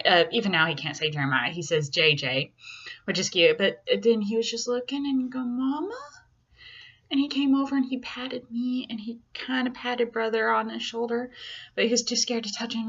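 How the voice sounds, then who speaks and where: Young woman, casual storytelling, candid, self-deprecating, mid pitch, slightly muffled home audio. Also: fairly bright tone. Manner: chatty, acts out others' lines with big jumps in pitch. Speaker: mother telling her birth story.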